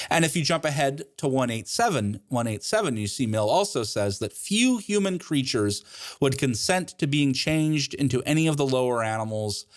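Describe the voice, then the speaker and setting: A man lecturing as a college ethics professor, joking and laughing at his own asides. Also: medium pitch. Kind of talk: recorded lecture.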